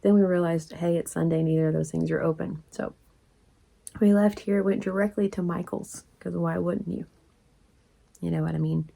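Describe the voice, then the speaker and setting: Rambling lady in her 40s, kinda gravelly, mellow tone, laughs a lot. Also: fairly low pitch, steady tone, normal speed. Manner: rambling, chatty, laughs often, drops to soft asides. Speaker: crochet vlogger. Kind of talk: casual storytelling vlog.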